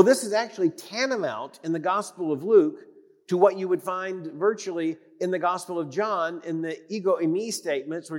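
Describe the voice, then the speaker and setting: Man, preacher, emphatic sermon, somewhat high voice, long church reverb, loud then hushed. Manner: emphatic, repeats phrases for weight, swings from loud to hushed.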